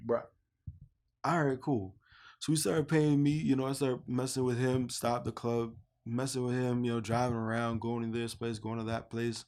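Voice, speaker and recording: A young man from Canada speaks with a gravelly, slightly fried edge at an ordinary middle pitch. He tells his own story casually, and he jumps higher and louder when he acts out what people said to him. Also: moderate pace. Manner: animated storyteller who acts out both sides of remembered dialogue in a higher voice. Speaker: podcast host telling his story. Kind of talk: casual personal testimony.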